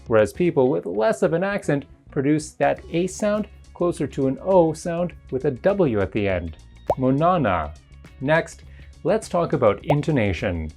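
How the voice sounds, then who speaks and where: Lively, steady voice narrating an English lesson. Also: mid-range voice. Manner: even, explanatory reading. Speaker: English teacher.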